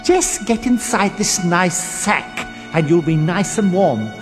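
Brief: cackling wicked old witch, put on by a male storyteller, high, swooping storybook villain. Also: animated, slow, over music. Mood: coaxing. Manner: coaxing then shrieking. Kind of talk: storybook reading.

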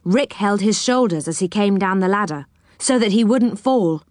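A woman reading a children's storybook aloud, expressive and dropping her voice for each speech tag. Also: mid-range voice, normal speed, dry recording, studio quality.

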